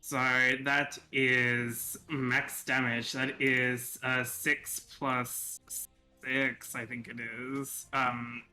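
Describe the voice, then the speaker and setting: A man player working through his turn in a tabletop game, hesitant with many pauses and ums. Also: mid-range voice, flat delivery, sharp tone, faint music behind. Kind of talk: casual game talk.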